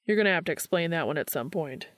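A woman reading a fan fiction audiobook, voicing a bold, playful young man in a soft, husky half-whisper. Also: deep voice, lively intonation, fast talker, dry recording, studio quality. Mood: eager.

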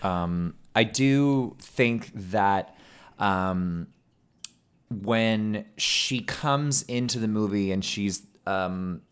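Low-voiced man chatting with filler words. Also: clear, resonant tone. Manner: halting, many fillers, laughs often. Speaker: podcast host. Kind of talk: casual podcast chat.

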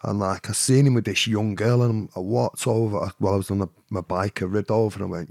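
A Mancunian man speaks as a podcast guest, his voice low and full of gravelly fry. He tells his story in a rambling way, with fillers and tags like "you know what I mean". The sound is close and dry, with no room in it. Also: steady tone, fairly quick, few pauses, darkish tone, no echo. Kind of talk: storytelling in an interview.

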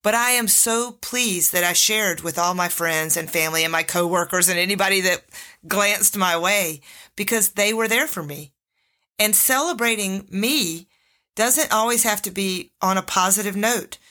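Bright-voiced woman life coach talking. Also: medium pitch, normal speed. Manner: animated, candid, laughs often. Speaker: life coach and podcast host. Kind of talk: solo podcast talk.

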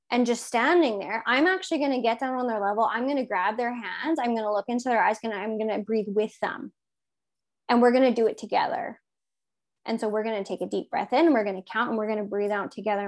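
High-voiced woman chatting about parenting. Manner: animated, acts out quoted speech in a higher voice. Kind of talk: casual parenting chat.

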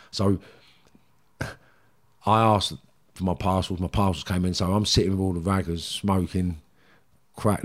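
Man, Cockney accent, middle-aged, very low pitch, rambling, blunt, candid interview. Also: darkish tone. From London, England. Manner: blunt, rambling, frequent "do you know what I mean". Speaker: guest.

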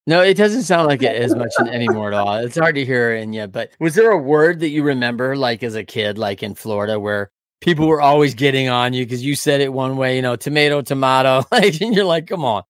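A man's voice: mid-range voice, a little fast, no room sound. A man with a mid-range voice hosting a talk show, recorded dry and close. He chats in a loose, friendly way, ribbing his guest with light teasing questions. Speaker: podcast host. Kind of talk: casual interview talk.

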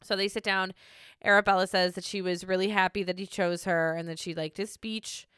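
A woman's voice: medium pitch, level tone, fairly quick, a bit bright, smooth, no echo, studio quality. A young woman hosting a casual recap podcast, chatty and giggly, with lots of likes. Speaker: podcast host recapping a reality show. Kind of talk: casual chat.

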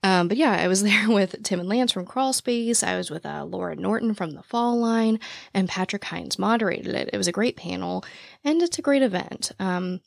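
A young woman hosting a podcast in casual chat, with a naturally raspy voice, talking very fast and out of breath. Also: mid-range voice, expressive, dry recording, clean studio sound. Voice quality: naturally raspy voice with vocal fry. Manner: talks very fast, breathless and rambling. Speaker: true crime podcast host. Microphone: podcast mic, standing while recording.

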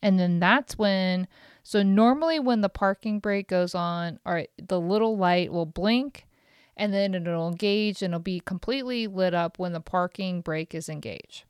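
A woman hosting a solo podcast, telling an exasperated, profane story in an animated way. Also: lowish voice, measured pace, smooth, no room sound, studio quality. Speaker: podcast host.

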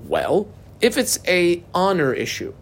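A man with a somewhat high voice gives a lesson on a religious text. He reads each passage aloud, then unpacks it phrase by phrase. His tone is conversational, with small hesitations and rhetorical questions along the way. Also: wildly swooping pitch, unhurried, a little hiss or hum. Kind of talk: text study lecture.

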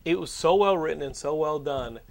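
A man hosting a casual comedic chat, animated, jokey and profane. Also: fairly high pitch, fairly quick, creaky.

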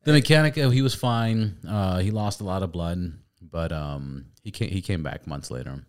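A man hosting a podcast, chatting casually, swearing freely and telling animated stories. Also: low voice, moderate pace. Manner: profane, storytelling, animated. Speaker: podcast host. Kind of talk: casual chat.

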